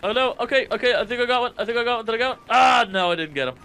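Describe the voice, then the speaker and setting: A man co-hosting a gameplay video, chatting excitedly, cheering and shouting at the game. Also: extremely high pitch, very fast, clean tone.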